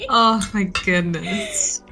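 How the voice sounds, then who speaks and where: A woman's voice: medium pitch, wildly swooping pitch, extremely slow, bright, forceful tone, soft background music. A woman joining a stream as a guest, chatting casually with giggly, teasing asides.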